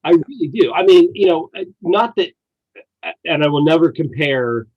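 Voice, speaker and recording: A man hosting a casual podcast chat, animated and laughing often as he retells stories. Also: fairly high pitch, normal speed, breathy edge. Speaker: podcast host. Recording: dull lo-fi sound.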